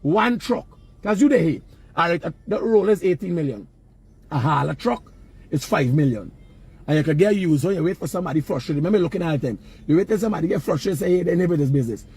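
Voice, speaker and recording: A man's voice: fairly high pitch, lively intonation, fast talker, darkish tone, slightly rough. A man with a Guyanese accent, talking casually and emphatically outdoors, lecturing passers-by about work and money. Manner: lecturing, emphatic, Creole-laced. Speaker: vlogger. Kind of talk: casual street vlog talk. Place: outdoors near work sites.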